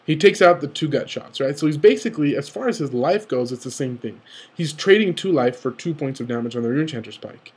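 A man's voice: fairly high pitch, expressive, a little mellow, husky. A young man giving eager, rambling play-by-play analysis of a recorded card game, often restarting his sentences. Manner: eager, rambling, often rushes and self-corrects. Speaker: card game video commentator. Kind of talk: excited game analysis commentary.

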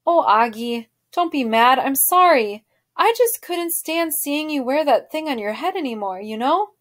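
Woman reading as a gentle joking dad. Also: high voice, animated, measured pace, voice pushed up. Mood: affectionate. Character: warm, joking father of a young boy.

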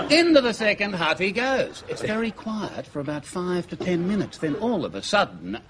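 Animated Australian man telling jokes. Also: high voice, heavy background noise. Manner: lively storytelling with character voices. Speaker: comedian. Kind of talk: stand-up joke telling.

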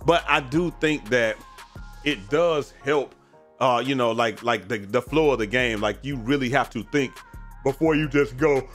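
A man rambling through casual gaming commentary in loose slang, often tacking on "man" and "bro". He sounds tired and keeps yawning, with his voice at an everyday middle pitch. Faint music plays under his talk. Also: a little slow, a bit bright. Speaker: gaming streamer. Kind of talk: casual commentary on viewer messages.

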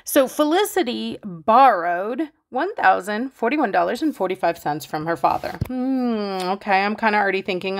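Casting note: woman math teacher, casual and chatty, mid-pitched voice, playful with her students. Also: animated, normal speed, few pauses. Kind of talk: casual explaining math lesson.

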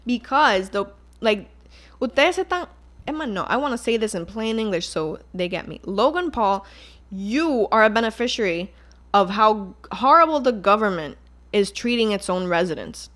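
Her voice mid-range, slightly bright, and animated, a young Puerto Rican woman runs her solo podcast at a moderate pace. She's exasperated and heated, cursing and blending Spanish with English in her Puerto Rican accent.

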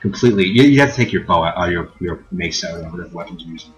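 A man narrating as game master, thinking aloud with many fillers and pauses. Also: low voice, expressive, lo-fi sound, faint music behind.

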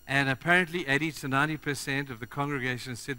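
A man preaching to a congregation in a bright, forceful, fairly high voice. He talks straight to his listeners and swings between loud urgency and hushed earnestness. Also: fast talker, few pauses. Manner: animated, shifts from loud urgency to quiet earnestness; addresses the congregation directly. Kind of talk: sermon.

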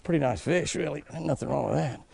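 A man's voice: on the high side, quick pace, creaky. Folksy older man hosting a fishing show. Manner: folksy, chatty, laughs often, exclaims loudly at fish. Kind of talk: excited on-the-water commentary. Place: outdoors on a fishing boat.

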